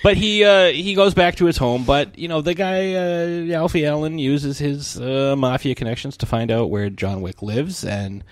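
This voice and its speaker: A man's voice: a little high, normal speed, few pauses, dry recording. Rambling man recapping a movie. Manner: rambling, profane, lots of fillers and restarts. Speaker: podcast co-host. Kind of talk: casual chat, retelling a film plot.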